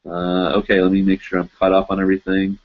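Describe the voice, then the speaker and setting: A man hosting a live online show, chatting loosely with his viewers as he goes through their comments. He rambles through plenty of fillers and laughs now and then, in a somewhat low voice. The stream audio sounds dull and lo-fi. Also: monotone, fast. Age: adult, teaches in Japan. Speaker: host of a live web show. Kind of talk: casual live-stream chat reading comments.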